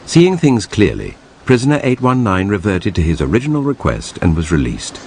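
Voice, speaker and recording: A man narrating a documentary in a measured, grave, scripted delivery. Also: lowish voice, wildly swooping pitch, darkish tone, a little hiss or hum.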